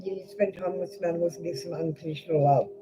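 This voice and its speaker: A woman's voice: lowish voice, fairly even intonation, racing, over music. A woman with an Australian accent giving a blunt live tarot reading and swearing freely. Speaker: tarot reader. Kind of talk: live-streamed card reading. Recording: dull lo-fi stream audio.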